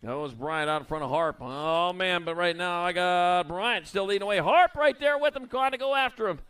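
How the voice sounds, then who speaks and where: A man announcing BMX races live at an outdoor track, calling the riders with playful nicknames in a quick, folksy manner. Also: high-pitched, sharp tone, smooth. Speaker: race announcer. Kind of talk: live race commentary.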